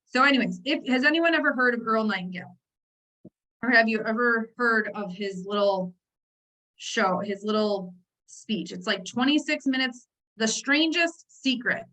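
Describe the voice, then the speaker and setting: A high-pitched woman leads a motivational team training over a video call. She talks in a chatty, animated way and keeps breaking off into asides to her listeners. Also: moderate pace, rough recording. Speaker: network marketing team trainer.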